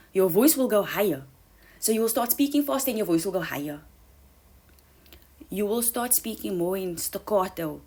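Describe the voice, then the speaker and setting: A woman giving an earnest motivational talk, coaching listeners and calling them babes, sometimes dropping to a soft whisper for emphasis. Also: on the low side. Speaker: self-help speaker. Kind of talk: motivational monologue.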